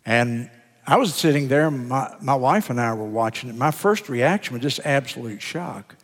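An older man, a pastor of many years, preaching a sermon in an earnest, deliberate way, drawing out words for emphasis. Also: medium pitch, expressive. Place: church sanctuary. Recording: sermon in a reverberant church sanctuary.

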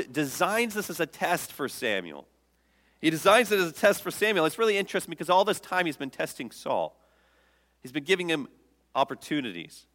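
A man's voice: on the high side, fairly quick, long reverb tail. A man preaching a sermon as pastor, telling the story with humor and acting out the quotes. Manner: lively storytelling, jokes and acts out quotes.

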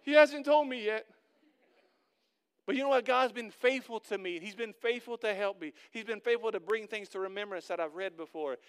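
A middle-aged man preaching a sermon as pastor, conversational and earnest, building to loud emphatic peaks. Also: sits high, fairly quick, few pauses, smooth.

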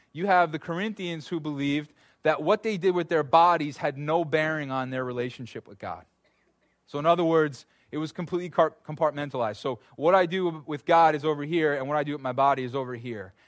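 Man preaching a sermon, animated and conversational, fairly high voice, dry close sound. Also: no echo. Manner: animated, conversational with asides and restarts. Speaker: pastor.

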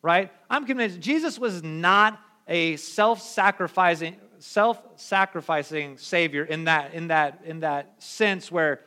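A young adult male pastor giving a casual, conversational sermon in an animated, slangy way. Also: on the high side, takes it slowly, few pauses. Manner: animated, slangy, acts out quoted voices.

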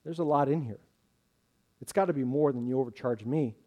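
A man's voice: medium pitch, fairly quick, warm tone, close to an everyday voice. A man voicing an angry, suspicious villager who bursts out sharply while reading a story aloud. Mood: wary.

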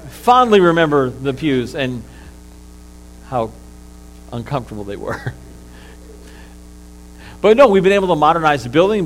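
A man's voice: a little high, rough recording. A man preaching a sermon as pastor, in a conversational style with frequent fillers and restarts.

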